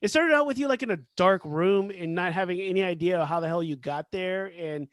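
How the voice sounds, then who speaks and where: A man with a notably high voice chats on a podcast, scattering "like" through his sentences. The sound is dry and close, with no room echo. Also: a little fast. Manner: chatty, with lots of "like". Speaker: podcast co-host. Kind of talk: casual chat.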